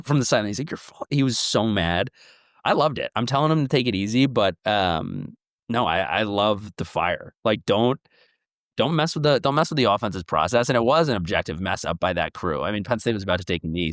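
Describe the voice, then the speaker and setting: Excitable young man, low voice. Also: dry recording, clean studio sound. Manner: excitable, jumps to loud animated bursts. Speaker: podcast co-host. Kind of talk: casual sports chat.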